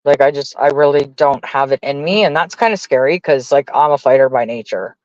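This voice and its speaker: A woman's voice: a bass voice, a little fast, a little mellow, no room sound. A woman livestreaming, ranting in a heated, profane, rambling way to her chat. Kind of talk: casual live-stream rant. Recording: dull dry lo-fi stream audio.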